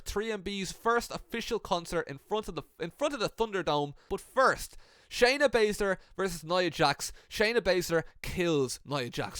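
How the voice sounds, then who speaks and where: A man casually recounting made-up wrestling storylines in a playful way, with swearing and quick asides. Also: high-pitched, a bit bright, no echo. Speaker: wrestling fan video creator.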